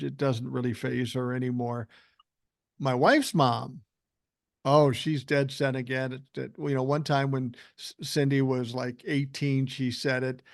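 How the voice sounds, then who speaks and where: An older man casually telling profane, animated stories as a guest on a podcast. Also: medium pitch, creaky, no room sound, studio quality. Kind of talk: casual storytelling chat.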